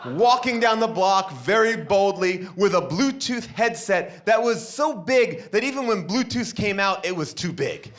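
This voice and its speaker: A man's voice: high-pitched, lively intonation, unhurried, few pauses, a bit bright. A man doing stand-up storytelling on a stage mic, acting out every character in his story. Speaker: stand-up comedian.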